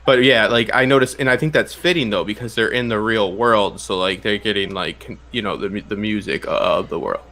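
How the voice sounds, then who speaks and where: A man's voice: fairly low pitch, fairly quick, hardly any pauses, sharp tone. A man guest on a TV review chat, rambling with lots of fillers and restarts.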